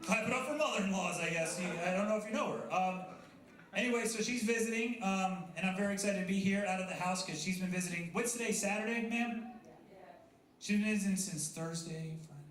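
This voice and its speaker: High-voiced man doing stand-up in a roomy venue. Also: fairly quick, fairly bright tone. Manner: self-deprecating, chatty with the crowd. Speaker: stand-up comedian. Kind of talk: stand-up comedy set. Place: coffee house stage before a live audience. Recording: roomy live venue sound.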